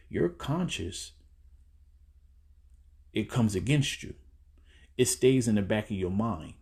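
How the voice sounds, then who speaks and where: A man with a low, mellow voice preaches in a relaxed, conversational way. He reads scripture aloud and then breaks it down in plain street talk for his listeners. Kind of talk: casual sermon. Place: indoors, seated.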